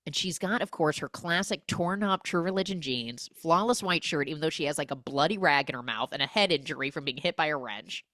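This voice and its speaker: A woman hosting a podcast, recapping a film with comic energy and acting out the characters' lines in quick voices. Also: low-pitched, a bit bright, no room sound, clean studio sound. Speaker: podcast host.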